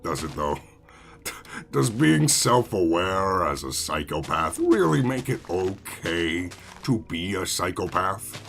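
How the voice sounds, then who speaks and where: Gravelly, slow-talking male streamer. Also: low voice, big pitch swings, fairly bright tone, faint music behind. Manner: sarcastic rambling self-talk. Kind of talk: casual gameplay commentary.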